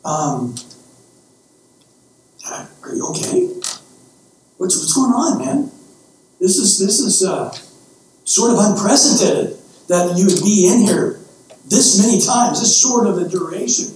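An exasperated, sarcastic God sighs and stammers from his throne, as a man preacher puts him on, in a fairly high male voice. It is heard from a distant mic in a very echoey room with faint hiss behind. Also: expressive, takes it slowly, pauses often, a little mellow. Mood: puzzled.

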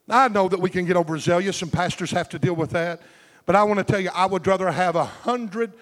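A pastor delivers a fervent sermon in rhythmic bursts, calling for amens. His voice sits very high for a man. The sound rings with a long reverb from a large hall. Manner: fervent, rhythmic, call-and-response preaching.

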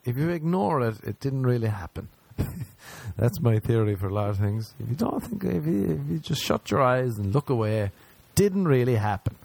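A man's voice: fairly low pitch, gravelly, warm tone. A man telling a crude, self-mocking stand-up story, acting out both sides of each exchange. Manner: crude, self-mocking, acts out scenes in quick voices. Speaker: stand-up comedian.

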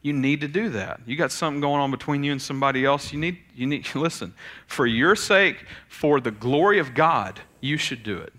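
A man, preaching a sermon in an animated, conversational way. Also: fairly high pitch, a little fast. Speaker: pastor.

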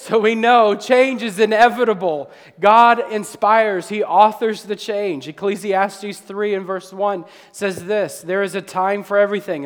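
A man in his thirties preaching a sermon to his church congregation, animated and joking with the crowd. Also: high-pitched. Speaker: pastor. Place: church sanctuary. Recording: long hall reverb.

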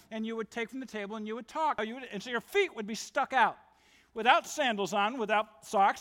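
A man preaches to his congregation, pressing each point with emphatic declarations. His voice sits very high and rings bright and forceful. The sound carries a long reverb from the sanctuary. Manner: emphatic, rapid-fire declarations. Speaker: pastor. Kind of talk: sermon. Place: church sanctuary.

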